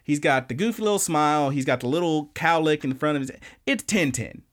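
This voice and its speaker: A man's voice: a little high, fairly bright tone. Profane laid-back podcast guy. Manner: loose, profane, does quick silly character voices. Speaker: podcast co-host. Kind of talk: casual chat recapping anime.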